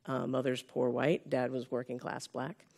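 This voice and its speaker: A woman's voice: extremely low pitch, little pitch movement, normal speed, gravelly, darkish tone. A woman in her fifties from California gives a conference keynote in a conversational way, often checking in with the audience with "right?". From Sonoma County, California. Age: 50s. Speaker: keynote speaker. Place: conference room with a live audience.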